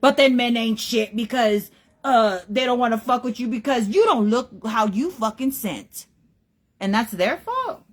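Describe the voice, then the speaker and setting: A woman's voice: on the high side, normal speed. A young woman, hosting a podcast and ranting bluntly about dating, swearing heavily. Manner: blunt, emphatic, heavy swearing. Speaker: podcast host. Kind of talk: profane opinion rant.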